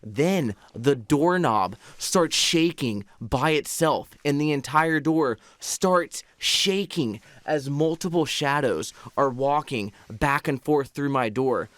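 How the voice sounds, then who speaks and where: A man in his twenties, a podcast host, telling a story in an animated, slangy way and calling people bro. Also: fairly high pitch, takes it slowly, few pauses, dry recording. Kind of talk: casual storytelling.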